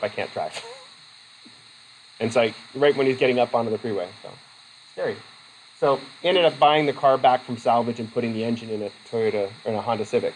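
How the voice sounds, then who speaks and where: A man's voice: mid-range voice, a little hiss or hum, low-quality recording. A male instructor giving a casual, rambling classroom lecture, often interrupting himself mid-sentence. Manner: chatty, rambling, self-interrupting. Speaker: college instructor.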